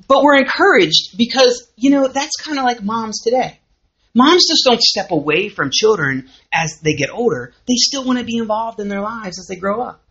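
Lively Southern woman teaching a church class. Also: on the high side, normal speed. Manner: lively, conversational, asks the audience questions. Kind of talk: sermon. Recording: muffled lo-fi recording.

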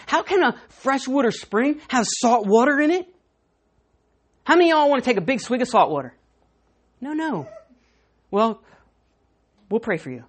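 A woman pastor with a voice on the high side preaches an emphatic sermon. She often repeats words and swings between loud and hushed.

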